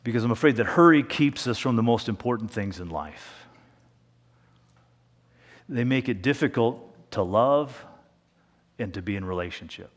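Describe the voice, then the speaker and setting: Male pastor, sermon, conversational delivery, slows and hushes for emphasis, middle-pitched voice, long church reverb. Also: animated. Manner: conversational preaching, slows down and drops to a hush for emphasis. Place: church sanctuary.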